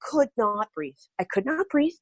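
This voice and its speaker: A woman's voice: on the high side, big pitch swings, unhurried, no echo. A woman guest on a podcast, telling a story animatedly and acting out quoted dialogue. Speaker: guest artist.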